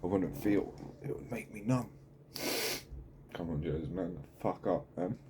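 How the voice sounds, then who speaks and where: Man, low mellow voice, rough-spoken candid diary-vlogger. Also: a little hiss or hum. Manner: halting, heavy swearing, raw and candid. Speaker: channel host. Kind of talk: candid mental health video diary.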